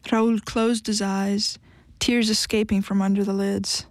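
A woman giving an audiobook narration in an even, measured storytelling manner. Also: medium pitch, no echo.

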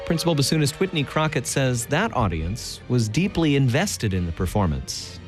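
A male radio reporter narrates an arts feature. His pitch moves in a lively way and his delivery is crisp. Music plays clearly behind him. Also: moderate pace.

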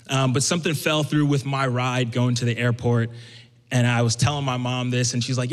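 This is live storytelling from a young Brooklyn man with a mid-range voice and a quick pace. Chatty in tone, he performs the lines of the people he quotes, and the recording carries the echo of a hall.

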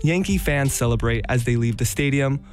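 A man's voice: mid-range voice, moderate pace, a little mellow. A man giving scripted radio story narration with a playful, teasing delivery. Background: music.

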